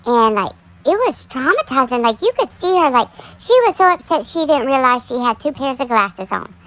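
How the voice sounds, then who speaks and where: A woman's voice: sits high, very animated, moderate pace, fairly bright tone, poor audio. A woman hosting a casual gossip commentary, chatty and full of "like" and "y'all,". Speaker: commentary channel host.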